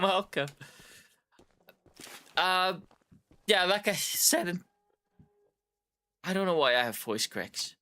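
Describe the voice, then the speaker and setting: A man's voice: sits high, very animated, slow, long pauses, pushed and bright. A male streamer chatting casually while playing a game, rambling and a little tipsy. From Canada.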